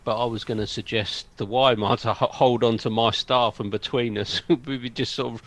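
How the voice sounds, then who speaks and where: A man's voice: medium pitch, steady tone, normal speed, fairly bright tone. A man playing a tabletop game, offering tentative, hedging suggestions. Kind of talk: casual game talk.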